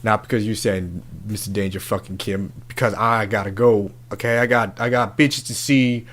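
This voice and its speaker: A brash, hot-tempered love doctor, put on by a man in a comedy bit. His voice sits a bit low, and he lays out dating advice in crude, swaggering slang. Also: steady tone, normal speed, a bit bright, a little hiss or hum, natural voice. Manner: crude, swaggering, profane street talk. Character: brash, foul-mouthed male love doctor, quick to anger.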